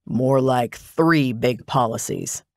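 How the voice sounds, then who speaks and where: A man's voice: mid-range voice, takes it slowly, dry recording, lightly acted. A man voicing a dry, teasing male private investigator in a cozy mystery audiobook. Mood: wry. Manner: matter-of-fact, teasing. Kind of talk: audiobook dialogue.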